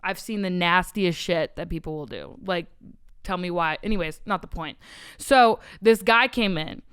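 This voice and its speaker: Woman guest on a podcast, smooth clear voice, swears a lot, says like constantly. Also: lowish voice, normal speed. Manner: candid, profane storytelling with many "like" fillers. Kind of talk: casual chat.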